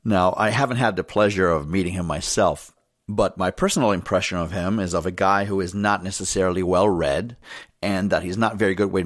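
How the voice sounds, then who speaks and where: A male interview host offers his thoughtful, opinionated take in a measured way. His voice is low. The sound is dry and close. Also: no room sound.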